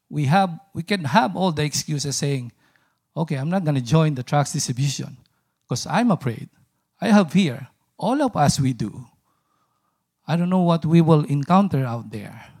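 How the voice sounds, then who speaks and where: A man's voice: a little high, vocal fry, a little mellow. A man in his forties from the Philippines preaching a sermon in an earnest, chatty way, often laughing and restarting his sentences. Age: 40s.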